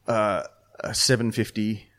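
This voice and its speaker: A man's voice: fairly low pitch, little pitch movement, measured pace, fairly bright tone. Rambling man telling stories. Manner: rambling, many restarts and fillers, storytelling. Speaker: brewer and beer judge. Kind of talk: casual podcast chat.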